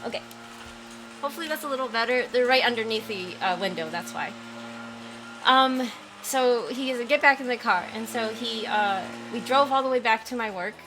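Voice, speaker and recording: A woman's voice: a little high, normal speed, background noise. A woman livestreaming from home, casually telling a story and stopping to read and answer chat messages, often apologizing. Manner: chatty, apologetic, reads chat aloud. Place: at home by a window.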